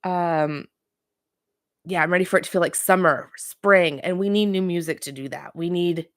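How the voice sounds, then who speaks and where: A chatty, opinionated woman hosting a pop culture show, talking straight to her viewers in a casual recap. Her voice sits a little low, and the recording is dry and close with no room sound. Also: normal speed, no room sound. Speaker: pop culture podcast host.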